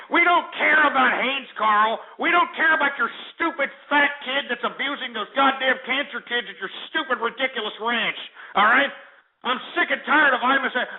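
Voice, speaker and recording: A brash male radio host rants and insults people over a narrow, phone-like line. His voice sits high for a man, and his delivery is scornful and loud. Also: moderate pace. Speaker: radio talk show host. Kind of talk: call-in radio rant.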